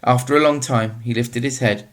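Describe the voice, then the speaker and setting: A man narrating a children's novel in a steady, measured reading voice. His pitch sits in the middle range for a man, and he paces the story evenly. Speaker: audiobook narrator.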